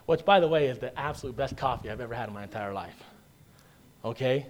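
A man's voice: mid-range voice, quick pace, a bit bright. A man preaching a sermon in a conversational way, often asking his listeners "right?" and "okay?" and repeating words for emphasis. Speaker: pastor.

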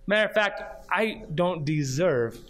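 High-voiced man preaching a sermon. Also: expressive, a little slow, fairly bright tone. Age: adult, grew up and did junior high marching band. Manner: earnest preaching, reads scripture aloud, builds to emphatic repeated questions. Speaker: pastor.

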